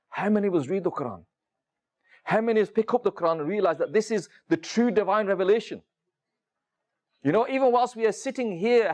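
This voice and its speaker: A man's voice: high voice, a little mellow. A man preaching a sermon to a room of listeners, telling stories and asking many rhetorical questions, with frequent "you know" fillers. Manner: storytelling, addresses the audience directly with many rhetorical questions. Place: room with a seated audience.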